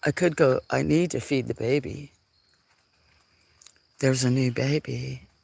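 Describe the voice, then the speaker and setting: Unhurried, gravelly live-stream host filming farm cats on a phone; chatty and apologetic with viewers. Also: medium pitch, steady tone, a little mellow. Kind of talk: casual live-stream chat. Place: farm, among the cats at feeding time. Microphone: handheld phone.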